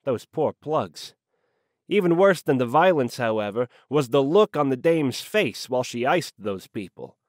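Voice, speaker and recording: A man narrating a hard-boiled noir audiobook in a wry, slangy, deadpan manner on a close microphone. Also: mid-range voice, a little slow, dry recording.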